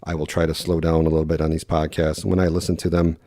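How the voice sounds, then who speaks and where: Brief: male podcast host, Wisconsin accent, deep mellow voice, fast and rambling, lots of "um" and "uh". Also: little pitch movement, no room sound, clean studio sound. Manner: quick, rambling talk with many fillers. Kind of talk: casual solo podcast.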